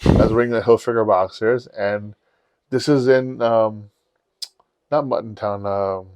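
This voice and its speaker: A man's voice: on the low side, steady tone, a little slow, a little mellow, clean tone, no echo. A man, a podcast host telling a rambling, profane story and acting out the quotes. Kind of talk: casual storytelling.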